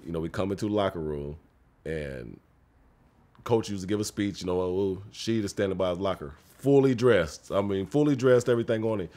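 40s dude w a low voice, cracking up and cussing while telling a story. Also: male voice, fairly quick, dark tone. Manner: laughing, profane, acts out quotes. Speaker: guest, former pro basketball player. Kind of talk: casual storytelling chat.

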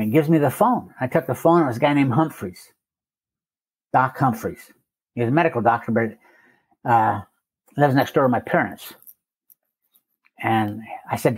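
Husky older man telling his story. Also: medium pitch, normal speed, pauses often. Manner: plainspoken storytelling with repetitions. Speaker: recovery meeting speaker. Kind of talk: personal recovery story.

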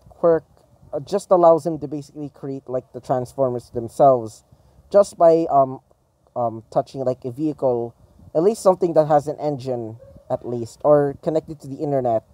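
A man's voice: mid-range voice, animated, unhurried, long pauses, warm tone, no room sound. A man casually improvising a fan-fiction story, rambling with many ums and a bit of swearing.

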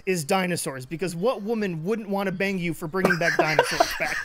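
A man in casual gaming banter, loud and excitable, swearing a lot. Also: high voice, brisk. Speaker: gaming video regular.

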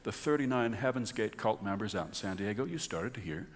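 A man with a low, highly animated voice muses wryly about humor, as a host giving a live radio monologue. His voice carries a long hall reverb with a faint hiss beneath. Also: a little fast. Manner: musing, wry storytelling.

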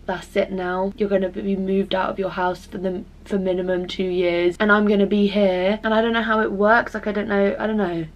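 Girl in her twenties, rambly emotional vlog chat, lots of "like", swears a bit, doing makeup while she talks. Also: mid-range voice. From England. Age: 20s. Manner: rambling and emotional, full of "like" fillers, swears freely. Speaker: vlogger.

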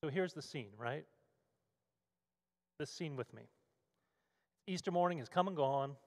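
A man's voice: fairly high pitch, unhurried. A male pastor delivering a sermon with vivid, storytelling scene-setting. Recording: long hall reverb.

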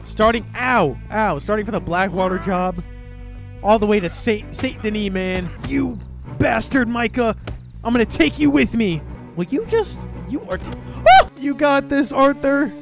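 A man giving excited commentary over gameplay, shouting, swearing and laughing at what happens on screen. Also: high-pitched, a little slow, gravelly, music in the background. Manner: laughs often. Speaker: gaming video creator.

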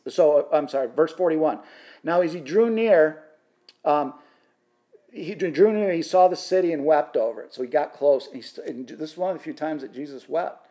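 Fervent male Bible teacher, mellow voice. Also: on the high side, normal speed. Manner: impassioned, rising to fervent emphasis, with frequent restarts. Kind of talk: sermon-style Bible teaching.

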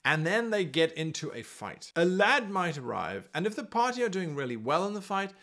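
A man giving tutorial advice on game mastering, explaining in a chatty, animated way. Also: sits high, moderate pace. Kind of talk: tutorial talk to camera.

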